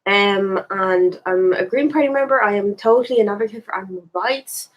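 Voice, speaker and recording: A woman's voice: medium pitch, moderate pace, rough recording. An Irish woman talking candidly in a casual reflective monologue, rambling and thinking aloud as she goes. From Ireland. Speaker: spiritual vlogger.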